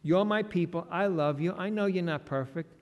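A man's voice: normal speed, lo-fi sound, close to an everyday voice. A man voicing a kind, easygoing God. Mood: reassuring. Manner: casual, reassuring, low-key. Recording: long reverb of a large hall.

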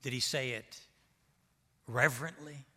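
A man's voice: medium pitch, steady tone, a little slow, bright, forceful tone, husky. A male pastor preaching an emphatic sermon and calling on the congregation for responses. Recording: long hall reverb.

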